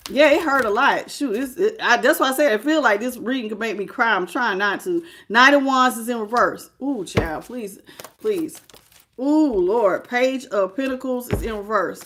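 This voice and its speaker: A woman's voice: on the high side, a little fast, few pauses, slight background noise. Emotional woman doing a tarot reading. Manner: emotional, expressive, greets live chat. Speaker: tarot reader.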